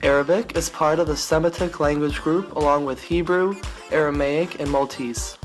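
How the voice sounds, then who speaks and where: A man narrating an educational piece in a measured, explanatory reading style. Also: fairly high pitch, fairly even intonation, faint music behind, low-quality recording.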